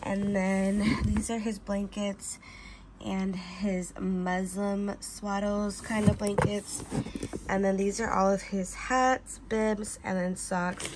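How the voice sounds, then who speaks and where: A woman's voice: medium pitch, noisy background. A young pregnant woman giving a casual, gushing tour of her baby's corner at home, a little out of breath and often correcting herself. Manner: chatty, self-correcting, gushing. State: heavily pregnant, a bit out of breath. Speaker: vlogger.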